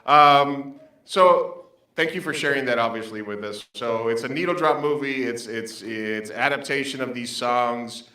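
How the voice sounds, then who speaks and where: A man moderating a screening Q&A, giving brief reactions and then asking a measured question. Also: medium pitch, pushed and bright. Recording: echoey venue, distant mic.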